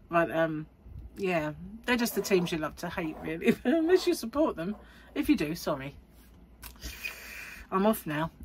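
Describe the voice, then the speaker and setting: A woman's voice: fairly low pitch, a bit bright, husky. A middle-aged woman vlogging casually to camera, rambling and chatty with frequent laughs. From United Kingdom. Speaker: crochet vlogger.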